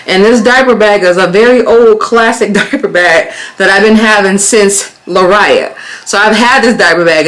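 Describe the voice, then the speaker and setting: Animated woman telling a storytime. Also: a little high, slight background noise. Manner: expressive, acts out quotes loudly with cursing. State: pregnant. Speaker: vlogger.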